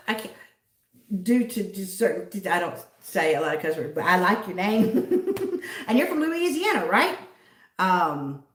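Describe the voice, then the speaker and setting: Woman livestream host, casual rambling chat, lowish voice, sits back from the mic in an echoey room. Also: fairly bright tone. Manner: rambling, chatty, answers viewers by name. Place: home in a city. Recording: roomy echo, distant from the mic.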